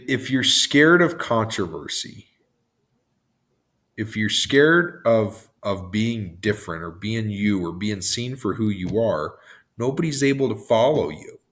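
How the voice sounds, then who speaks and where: A man hosting a motivational podcast, his voice hoarse and worn out, rambling off on tangents and laughing at himself. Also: medium pitch, a bit bright. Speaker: podcast host.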